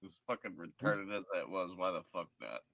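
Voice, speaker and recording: A man's voice: low voice, very animated, moderate pace, gravelly, a bit bright, no echo. A man in a casual group chat, boisterous and cursing freely. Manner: boisterous, swearing, laughing a lot.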